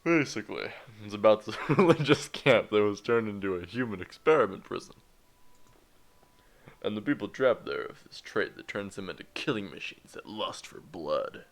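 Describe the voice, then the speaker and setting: A shy bookish girl turned deep Italian mob boss, as a man puts her on. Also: expressive, moderate pace. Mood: mock-menacing. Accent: put-on Italian. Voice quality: deep-voiced.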